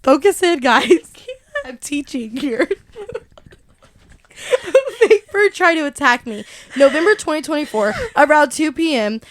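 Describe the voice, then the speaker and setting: A young woman tells a story on a casual podcast, her voice pitched high and her telling animated. She laughs often and acts out what people said. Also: unhurried, long pauses, a little hiss or hum. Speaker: podcast co-host. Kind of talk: casual chat.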